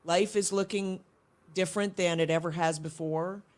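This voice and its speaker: A woman's voice: on the low side, steady tone, moderate pace, a little mellow. A middle-aged woman, a guest in an interview, speaking earnestly and reflectively about parenting, often restarting her sentences. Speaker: guest, homeschooling mother. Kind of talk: casual interview chat.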